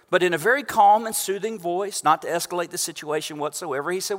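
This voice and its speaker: A pastor preaching a sermon from a church stage into a microphone, conversational and joking with the congregation. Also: male voice, high-pitched, lively intonation, a little fast, a bit bright. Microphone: stage microphone through house speakers. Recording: long church reverb.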